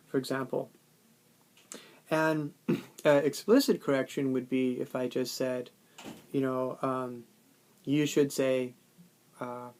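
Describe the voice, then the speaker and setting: A man's voice: mid-range voice, a little mellow. Rambling man giving an informal lecture. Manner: informal, thinking aloud with many fillers and restarts; acts out student and teacher lines in a questioning tone. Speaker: teacher. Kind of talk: casual lecture recording.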